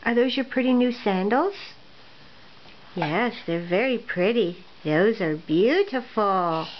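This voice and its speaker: A mother in a casual home video, gently coaxing her toddler with short repeated phrases in a sing-song voice. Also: medium pitch, lively intonation, takes it slowly. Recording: dull lo-fi home recording, faint room noise.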